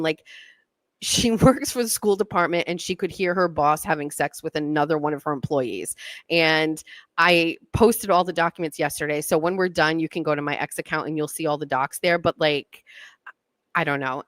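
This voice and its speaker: A woman's voice: on the low side, no echo. A woman hosting a talk show, chatting in a rambling, self-deprecating way. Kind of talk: casual monologue.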